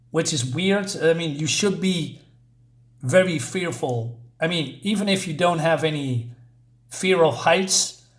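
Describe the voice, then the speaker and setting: Chatty, sarcastic man reviewing a comic. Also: on the high side. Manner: chatty and sarcastic, with frequent fillers and asides. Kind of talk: casual spoken review.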